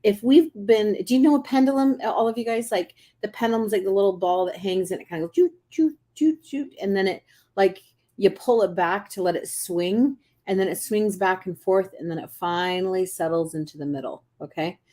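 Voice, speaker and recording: Woman, intuitive coach, live-stream chat, animated, playful asides, mid-pitched voice, throat clearing. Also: fairly quick. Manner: chatty and animated, acts out little voices, many restarts. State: clearing her throat often. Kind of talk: casual live-stream teaching.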